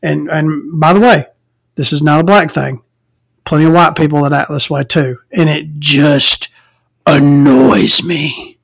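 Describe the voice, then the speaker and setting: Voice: mid-range voice, steady tone, unhurried, creaky. A podcast host rants in a casual monologue. The delivery is profane and rambling, with frequent fillers and asides.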